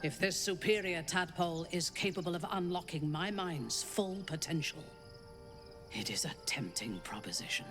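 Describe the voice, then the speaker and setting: A haughty warrior companion. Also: female voice, on the low side, animated, a bit bright, soft background music. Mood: cold. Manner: formal, measured speech. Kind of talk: video game dialogue.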